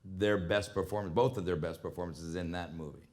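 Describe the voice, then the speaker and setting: A man interviewing a guest on stage at a live theater talk, asking casual, halting questions. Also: low-pitched, steady tone, a little mellow. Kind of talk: on-stage conversation.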